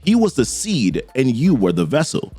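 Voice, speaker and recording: A man voicing a solemn, ominous female cult matron who speaks in slow, grave pronouncements, lower than his usual voice. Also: wildly swooping pitch, mellow, husky, soft background music.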